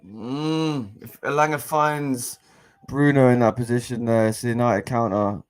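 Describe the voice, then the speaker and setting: A young man giving casual live match commentary as a fan co-host, excitable and exasperated, with frequent restarts. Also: medium pitch, measured pace, clear, resonant tone. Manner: excitable and exasperated, swears, repeats and restarts phrases.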